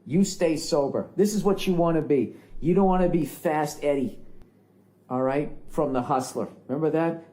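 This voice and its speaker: A man's voice: a little high, normal speed, dark tone. A man giving blunt, profane advice in a casual podcast chat. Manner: blunt, profane, matter-of-fact.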